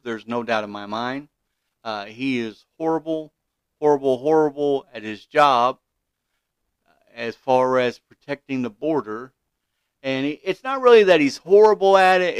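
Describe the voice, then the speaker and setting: Male podcast host, opinionated commentary, smooth voice, indignant with stumbling restarts. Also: mid-range voice, no room sound. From Kentucky, USA.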